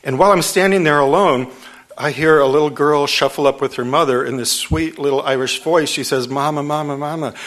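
A man in his sixties from Detroit, an author telling a story at a public book talk, lively, laughing often, restarting his phrases. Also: fairly high pitch, brisk. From Detroit, USA.

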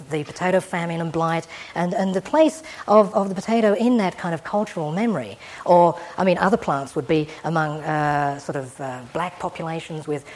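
A woman giving an evening public lecture to an audience, discursive and gently humorous in a wry way. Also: on the low side. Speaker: guest lecturer.

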